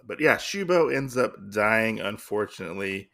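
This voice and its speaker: A man's voice: lowish voice, animated, normal speed, a bit bright. A man hosting a comic podcast, recapping an issue in a rambling, casual way full of fillers.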